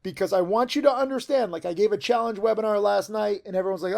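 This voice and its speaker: A man's voice: high voice, quick pace, vocal fry, darkish tone. A man in his forties teaching trading in a casual, rambling video monologue full of fillers, recorded in a tent outdoors. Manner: rambling, filler-heavy, emphatic.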